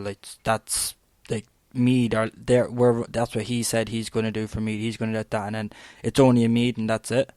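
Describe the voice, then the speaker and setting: Here an Irishman in his twenties runs his own podcast, rambling through a blunt monologue full of swearing and constant "like"s. The voice is lowish, a little mellow, clear and resonant, with no echo.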